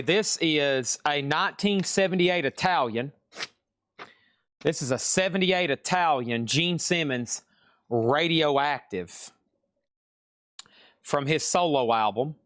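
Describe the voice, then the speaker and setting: Southern guy running a live record sale stream, kinda high voice, dry close sound, rambles and corrects himself a lot. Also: a bit bright, dry recording. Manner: chatty, rambling, self-correcting. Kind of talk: casual live sales patter.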